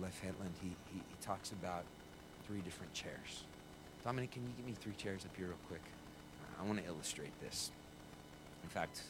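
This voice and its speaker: A man preaching as a pastor, telling a story with lively quoted voices before a congregation. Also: low voice, noisy background. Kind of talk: sermon with storytelling. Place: church stage before a congregation.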